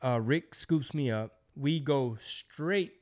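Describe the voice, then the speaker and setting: A middle-aged podcast host, his voice at an ordinary middle pitch for a man, slowly unwinds a long anecdote in casual storytelling mode. His style is loose and profane, and he acts out the quotes, throwing himself into the voices of the people in his tale.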